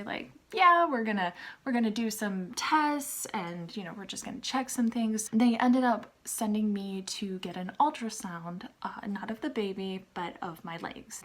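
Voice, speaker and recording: A young woman vlogger telling a personal story in a chatty, animated way, acting out what others said. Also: medium pitch. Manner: chatty and animated, acting out quoted people, frequent "like". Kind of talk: casual storytelling vlog.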